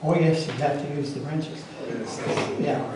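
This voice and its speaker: A man's voice: fairly high pitch, fairly even intonation, measured pace. A man presenting a hands-on workshop demonstration to a club, answering audience questions in a plainspoken, practical way. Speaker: club presenter teaching routing. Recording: very echoey room, voice from far off, faint noise.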